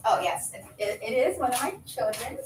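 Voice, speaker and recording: A woman's voice: expressive, a little fast, a little hiss or hum, rough recording. Woman in her thirties telling her own story. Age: 30s. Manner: rambling, frequent fillers and restarts; acts out quoted voices with high jumps. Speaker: vlogger. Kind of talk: casual personal storytelling.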